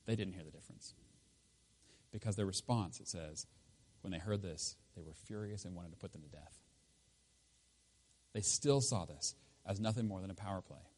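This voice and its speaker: A man preaching a sermon in a conversational, emphatic way, his voice rising loud and dropping low. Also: normal speed, pauses often, husky. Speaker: pastor.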